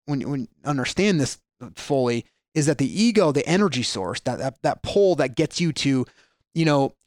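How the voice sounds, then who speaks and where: A man's voice: mid-range voice, moderate pace, no room sound, clean studio sound. A man talking through ideas in a casual podcast conversation, acting out quoted people as he goes and often restarting his sentences. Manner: animated storyteller, acts out quoted voices, frequent restarts. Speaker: guest speaker on mindset.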